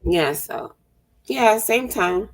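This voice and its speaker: A woman's voice: medium pitch, animated, slow pace, low-quality recording. A woman in her thirties in casual chat, sassy and teasing, calling people sweetie and baby. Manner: sassy, teasing, puts on voices. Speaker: chat partner.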